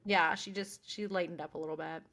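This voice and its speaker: A woman co-hosting a podcast, chatting casually and recapping episodes with lively quoted voices. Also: fairly low pitch, fairly quick. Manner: animated, quotes characters in snappy voices. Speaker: podcast co-host.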